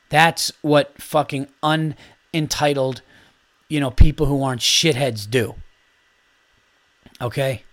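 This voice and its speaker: A man's voice: on the high side, dry recording. Foul-mouthed man ranting sarcastically. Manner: heated, sarcastic, swears constantly; mock-polite voice for imagined replies. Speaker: podcast host; father of a young child. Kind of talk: profane comedic rant.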